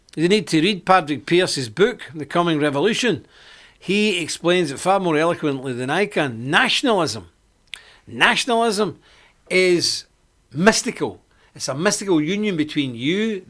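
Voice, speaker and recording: Emphatic preachy man with a lively voice. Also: on the high side, creaky. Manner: emphatic, combative, repeats points for stress. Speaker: host of a live online report. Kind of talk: preachy monologue.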